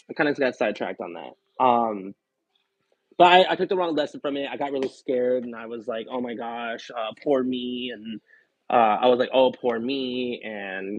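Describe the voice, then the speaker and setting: A man's voice: medium pitch, no echo. A man live streamer chatting casually, telling a personal story in a rambling, candid way with lots of fillers. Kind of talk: casual chat. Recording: tinny phone-like dry sound.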